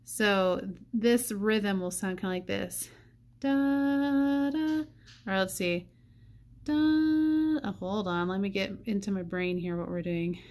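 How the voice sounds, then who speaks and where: A woman teaching a saxophone part, thinking aloud and counting rhythms out loud. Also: fairly low pitch, flat delivery, normal speed, hardly any pauses. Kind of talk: music lesson walkthrough.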